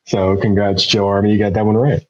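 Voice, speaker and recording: Low, rambling male panelist, muffled lo-fi audio. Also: little pitch movement, a little fast, noisy background. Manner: rambling, self-correcting. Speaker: Marine team panel player. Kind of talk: casual game-show banter.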